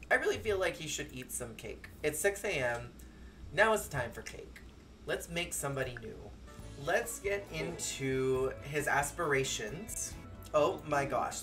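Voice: medium pitch, lively intonation, a little slow, fairly bright tone. A game streamer giving joking let's-play commentary, with sudden squeals and bursts of laughter. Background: faint game music.

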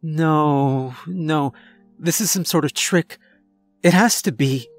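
A man's voice: high voice, big pitch swings, unhurried, faint music behind, voice pushed up, exaggerated voice. A man voicing a frightened, confused young woman, speaking urgently with rising panic. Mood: panicked.

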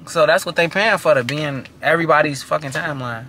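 A man's voice: a little high, brisk, sharp tone, slight background noise. A man, a guest in a casual interview, talking bluntly with lots of profanity and repeated restarts.

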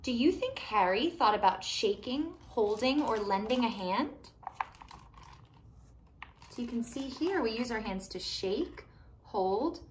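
A woman reading a picture book aloud to young children, animated and pausing to ask them questions. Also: fairly high pitch, a little hiss or hum. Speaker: children's storytime reader.

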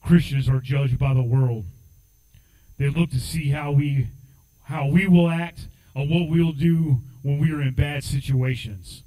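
A man's voice: a little high, fairly even intonation, unhurried, warm tone, rough recording. A man preaching a sermon as assistant pastor, telling a story in a conversational way and rising into fervent exhortation. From United States.

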